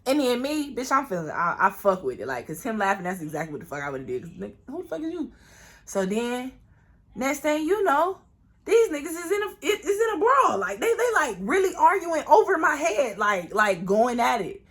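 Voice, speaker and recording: A woman from Florida spins a wild storytime for her viewers, loud and profane. She leans into asides to the audience and jumps high in pitch whenever she acts out what someone said. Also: big pitch swings, moderate pace. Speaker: vlogger. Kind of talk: storytime vlog, casual storytelling.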